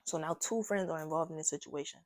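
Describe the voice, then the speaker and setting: A young woman telling a casual storytime to her viewers, animated and slangy, talking straight to the camera. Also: low-pitched, quick pace, no echo, studio quality. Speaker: vlogger. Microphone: own microphone.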